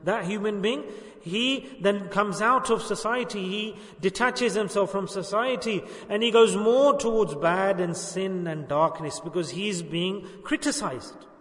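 A man's voice: high voice, measured pace, a bit bright. A man giving a sermon as a religious teacher, preaching and often checking whether his listeners follow with rhetorical questions. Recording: echoey hall, speaker far from mic.

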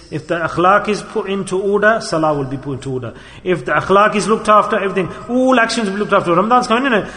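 A man preaching a sermon in a storytelling style, moving between loud emphasis and quiet asides. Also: a little high. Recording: long hall reverb.

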